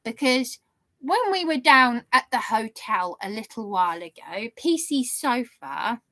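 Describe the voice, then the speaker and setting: A woman's voice: fairly high pitch, pushed and bright. A woman vlogger telling an aggrieved story to her viewers in an indignant, rambling way. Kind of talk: aggrieved monologue to camera.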